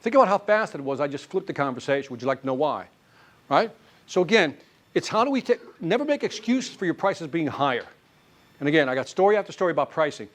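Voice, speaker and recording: Guy running a sales seminar, pitch jumps all over, keeps tossing questions at the room. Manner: animated, quizzes the audience with quick questions. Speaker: sales trainer. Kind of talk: live sales seminar talk. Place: training classroom with a live audience.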